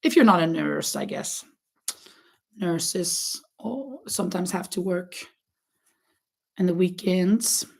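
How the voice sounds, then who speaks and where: A woman's voice: on the low side, animated, slow pace, creaky, pauses often, darkish tone, husky. A woman hosting a crochet livestream, chatting casually with viewers, with many fillers and restarts and frequent laughs. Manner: laughs often.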